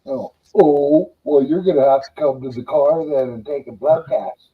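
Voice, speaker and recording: A man's voice: a little high, moderate pace. Man on dull lo-fi audio, rambling. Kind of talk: casual chat.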